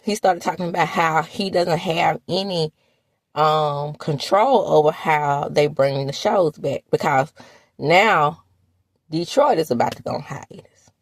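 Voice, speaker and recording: Sassy Southern woman, husky voice. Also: no echo. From American South. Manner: sassy, animated, with laughs and sudden high exclamations. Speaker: reality TV recap host. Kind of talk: casual commentary vlog.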